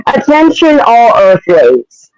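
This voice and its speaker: A man voicing a villainous female hedgehog, announcing slowly to a crowd. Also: very high voice, huge pitch swings, clear, resonant tone, no echo, pitched above the performer's own voice, heavily acted, low-quality recording. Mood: grandiose.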